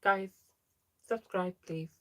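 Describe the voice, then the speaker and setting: A young trans woman hosts a relaxed livestream, speaking slowly in a mid-range voice. She chats while reading out viewers' names and responding to their comments.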